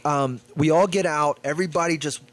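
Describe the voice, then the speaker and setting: Male comedian co-host, slightly high pitch, animated storyteller in casual banter. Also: a little fast.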